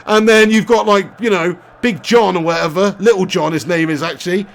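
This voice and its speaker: Brief: young streamer, chatty and laughing, higher voice, commenting live on a football game. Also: male voice, a little fast, vocal fry, a little hiss or hum. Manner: chatty, laughs often, reads out chat messages. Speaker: gaming streamer.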